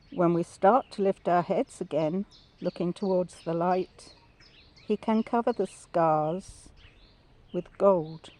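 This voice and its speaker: A speaker giving a gentle, measured spoken devotional reflection about faith and brokenness. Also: medium pitch.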